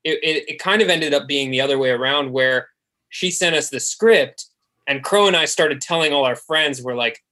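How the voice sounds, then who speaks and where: A man's voice: medium pitch, normal speed, pushed and bright. Male guest on a video call, anecdotal and chatty. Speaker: sound editor guest. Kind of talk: casual panel Q&A over a video call.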